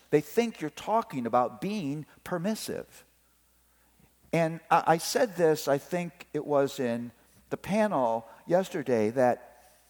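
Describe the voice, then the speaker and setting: A middle-aged man preaching a sermon on parenting, telling family stories and acting out the voices. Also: on the high side. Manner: animated storytelling, acts out family voices. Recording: long hall reverb.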